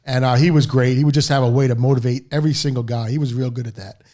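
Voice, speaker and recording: A middle-aged man talks as a podcast guest, racing through anecdotes at a brisk clip. His pitch sits in an ordinary middle range. He drifts between asides and acts out what his old coaches said. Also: fairly even intonation, mellow. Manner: rambling anecdotes, acts out quoted dialogue. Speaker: interview guest, football coach. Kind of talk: storytelling in a podcast interview.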